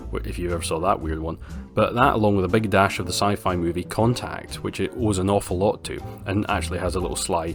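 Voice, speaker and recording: Scottish guy reviewing films, low voice, blunt and sarky. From Scotland. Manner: wry, blunt and sarcastic. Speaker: film reviewer. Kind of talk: casual film review monologue.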